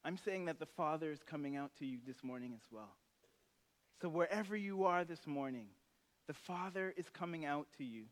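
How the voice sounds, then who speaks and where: High-voiced pastor in a reverberant church. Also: male voice. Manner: conversational preaching with acted-out story voices. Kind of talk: sermon. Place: church sanctuary.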